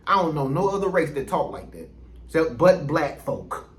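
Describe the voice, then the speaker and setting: Rambling, high-voiced man in an echoey room. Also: expressive, normal speed, a bit bright. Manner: rambling, conversational, lots of restarts and quoted asides. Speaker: vlogger. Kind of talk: casual monologue to camera.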